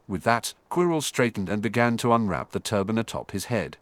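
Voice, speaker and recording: A man narrating an audiobook in an animated storytelling manner. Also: lowish voice, brisk, dry recording. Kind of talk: scripted narration.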